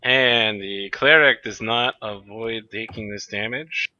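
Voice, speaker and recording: A man's voice: on the low side, slow, pushed and bright, highs cut off. A man narrating as game master of a tabletop game, giving matter-of-fact rulings.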